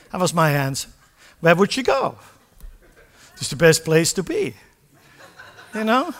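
An older man preaching a sermon with passion, moving from quiet asides to loud declarations. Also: on the high side. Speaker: pastor. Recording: long hall reverb.

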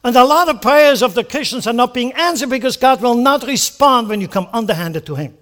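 A male pastor preaching a sermon, animated, firing off rhetorical questions and acting out prayers. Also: extremely high pitch, brisk.

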